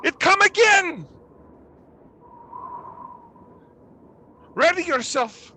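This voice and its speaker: A man's voice: slow, pushed and bright, a little hiss or hum, exaggerated voice. A man voicing a panicked, soot-covered village man who screams frantically. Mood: frantic. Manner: screaming, frantic, high-pitched.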